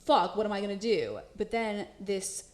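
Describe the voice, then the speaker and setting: A young woman tells a story on a casual podcast. She is animated, laughs often, swears freely and acts out every quote. Her mid-pitched voice carries a roomy echo. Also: moderate pace. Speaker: podcast co-host.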